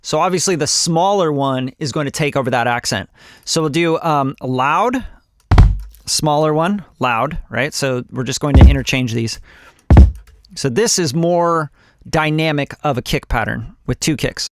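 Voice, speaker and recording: A man's voice: fairly high pitch, a little slow, noisy background. A man teaching music production on a casual live stream, loose and chatty with lots of fillers, humming drum rhythms and swearing offhandedly.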